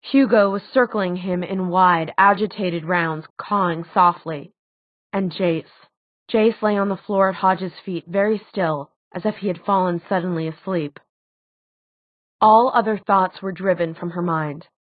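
A woman reading a novel aloud as an audiobook narrator, steady and expressive. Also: lowish voice, measured pace, no echo. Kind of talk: scripted narration. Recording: tinny phone-like dry sound.

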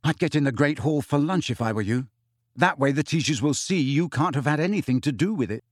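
A man's voice: on the high side, animated, a little fast, no echo, studio quality. A man voicing a cocky teenage boy prankster who talks coolly and teasingly. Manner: cool, teasing.

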